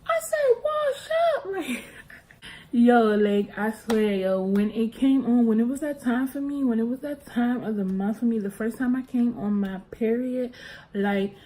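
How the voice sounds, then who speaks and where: Young woman, casual storyteller, animated, mellow voice. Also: medium pitch, rough recording. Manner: animated, expressive, talks with her hands. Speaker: vlogger.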